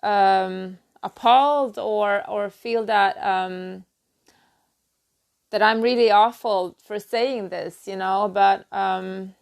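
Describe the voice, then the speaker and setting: A woman giving a halting, earnest spiritual talk on her own channel, full of restarts and "you know.". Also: medium pitch, fairly even intonation, vocal fry. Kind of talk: personal spiritual talk to camera.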